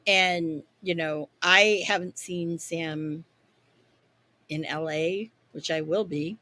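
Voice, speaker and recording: A woman co-hosting a wrestling podcast, chatting casually with lots of swearing and rambling, animated stories. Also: on the low side, slow. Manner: profane, rambling, animated storytelling. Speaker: podcast co-host.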